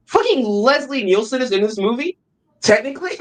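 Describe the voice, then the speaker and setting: A young man co-hosting a film podcast, animated and profane, excitedly retelling scenes in casual chat. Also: very high voice, a little fast, low-quality recording. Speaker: podcast co-host.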